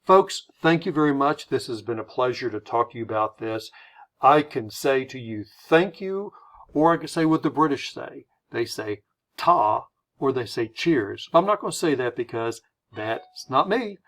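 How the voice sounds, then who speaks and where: Man, middle-aged, teaching from slides, animated pitch, friendly explainer. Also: normal speed. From United States. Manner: friendly, explanatory, lively intonation. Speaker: presenter. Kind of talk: slide presentation lesson.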